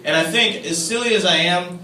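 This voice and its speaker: A young man doing a self-mocking stand-up comedy set, swinging between low asides and loud mock outbursts. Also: brisk. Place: comedy club stage with audience. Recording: echoey, distant, room noise.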